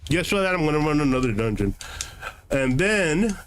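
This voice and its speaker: A man's voice: a little high, very animated, moderate pace, slight background noise. A man streaming a game, answering his live chat in a combative, sarcastic, lecturing way.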